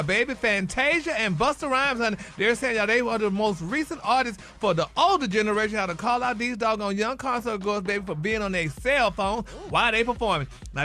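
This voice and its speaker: A man's voice: high-pitched, bright, forceful tone. A man hosting a celebrity gossip segment in a sassy manner, calling listeners honey and baby. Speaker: celebrity news host.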